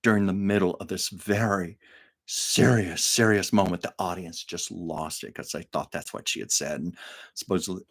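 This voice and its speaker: A man's voice: low-pitched, steady tone, moderate pace. An older man hosting a casual livestream, telling anecdotes with frequent laughs and reading viewer comments aloud. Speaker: livestream host. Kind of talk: casual storytelling chat.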